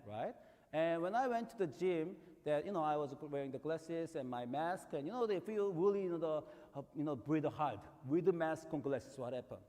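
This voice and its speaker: A man with a Korean accent preaches in a loose, conversational manner, telling stories and rising into emphatic peaks. His voice sits a little high for a man. The sound carries a long reverb, as in a large church hall. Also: mellow. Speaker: pastor. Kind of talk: sermon.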